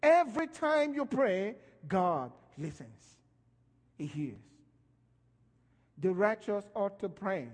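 Male preacher, sermon, slow deliberate pace, emphatic swells, reverberant hall. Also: high voice. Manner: animated preaching, voice rising and falling in emphasis.

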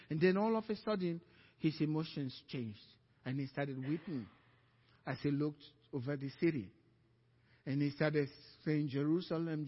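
A man with a high voice preaches a sermon in a church, rising to loud, fervent peaks and then dropping low and quiet to tell a story. His voice rings with long reverb from the hall, and the recording sounds muffled. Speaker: pastor.

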